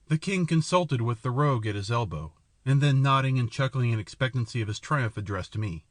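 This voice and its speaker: A man narrating an adventure novel in a measured, even storytelling manner. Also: medium pitch, no room sound. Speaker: audiobook narrator.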